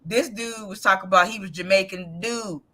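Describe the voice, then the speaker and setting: A woman's voice: medium pitch, normal speed, bright, forceful tone. A woman co-hosting a casual chat, telling her story in a chatty way with many restarts. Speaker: co-host.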